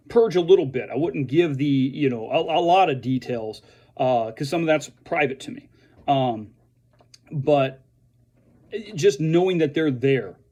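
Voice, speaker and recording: A man who is a veteran speaks earnestly and haltingly to fellow veterans, restarting his sentences often. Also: fairly high pitch, a little mellow. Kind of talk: earnest direct-to-camera message.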